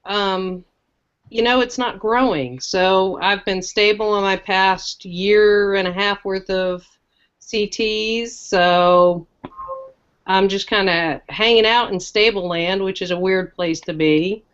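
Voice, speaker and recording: A woman talking frankly and with dark humor in a casual chat, getting lively when she quotes people. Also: mid-range voice, slow pace, clean tone, lo-fi sound. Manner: frank, joking, animated when quoting. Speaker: guest sharing her cancer story.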